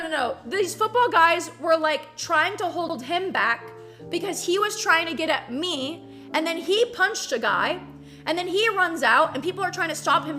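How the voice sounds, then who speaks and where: A young woman streamer with a very high voice tells a story casually and animatedly. She swears freely and peppers her speech with "like."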